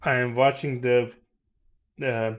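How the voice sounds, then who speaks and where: A man hosting a live trading stream, muttering to himself and cursing at the charts with sudden loud outbursts. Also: medium pitch, level tone, slow. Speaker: livestream day trader host. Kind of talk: casual live-stream commentary.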